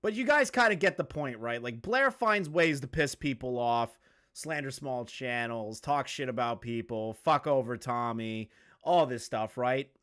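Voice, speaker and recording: A man's voice: mid-range voice, unhurried, a bit bright. A man hosting a casual commentary video, ranting to his chat in a profane, sarcastic and exasperated way.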